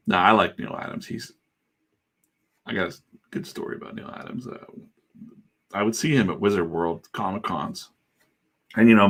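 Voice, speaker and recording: Gravelly low-voiced man chatting casually. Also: a bit bright. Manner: rambling, irreverent, swears freely. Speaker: comic artist streaming while inking. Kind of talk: casual livestream chat.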